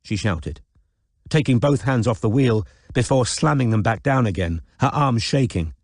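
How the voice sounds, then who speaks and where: A man narrating a novel in an audiobook in a measured, even reading. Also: medium pitch, no room sound, studio quality. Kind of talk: scripted narration.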